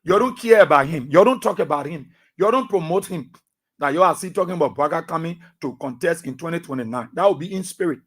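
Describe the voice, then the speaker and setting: High-voiced Liberian man on radio. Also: expressive, fast, breathy edge. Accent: Liberian English. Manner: emphatic, repetitive, swings between soft asides and loud outbursts. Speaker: radio talk show host. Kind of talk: animated radio commentary.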